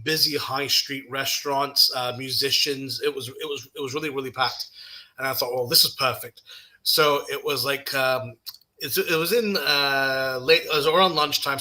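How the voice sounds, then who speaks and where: A man's voice: mid-range voice, poor audio. A man telling a funny story in casual chat, laughing as he goes. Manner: animated, laughing while telling stories. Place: live studio conversation.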